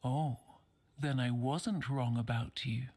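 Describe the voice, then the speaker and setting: A woman voicing an ancient, tiny pale crone in a video game, speaking in a husky whisper, slow, cryptic and teasing. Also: rumbling low, steady tone, darkish tone, full character voice. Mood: mysterious. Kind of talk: voiced game character.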